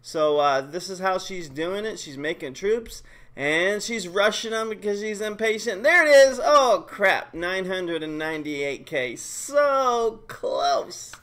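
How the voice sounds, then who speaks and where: Male streamer with a high voice, casual and excitable game commentary. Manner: excitable, joking, quick bursts of hype. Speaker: live stream host.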